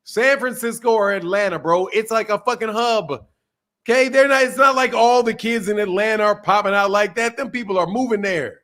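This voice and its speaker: An American podcast host in a heated casual debate, loud, profane and mocking. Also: male voice, high voice, brisk. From United States.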